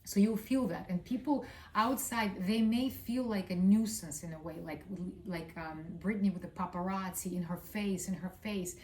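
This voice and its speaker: A woman's voice: medium pitch, normal speed, few pauses, warm tone. A woman with a Russian accent giving a casual astrology reading, rambling with fillers and blunt swearing. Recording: roomy sound, distant from mic.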